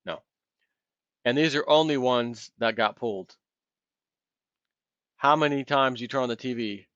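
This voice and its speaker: A man's voice: mid-range voice, a little slow, fairly bright tone, dry recording. Fired-up man ranting with a muffled, dry sound. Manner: heated, impassioned, acts out imagined callers. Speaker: commentary video host. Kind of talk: ranting solo commentary.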